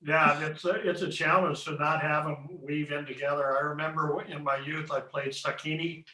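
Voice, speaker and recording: A man hosting an interview, asking questions in a measured, complimentary way. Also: a little high, flat delivery, bright, forceful tone. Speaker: interviewer, host. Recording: roomy echo.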